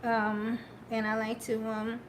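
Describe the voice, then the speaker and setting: A woman chatting casually on a live stream, slow and hesitant with many fillers, upbeat and encouraging. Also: on the high side, monotone, slight background noise.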